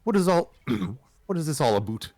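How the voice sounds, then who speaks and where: A man's voice: medium pitch, very animated, moderate pace, a little mellow, no room sound, clean studio sound, faint music behind, voice pushed up, lightly acted. A man reading aloud and voicing a violent, contemptuous young woman with barking, demanding lines. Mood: baffled anger.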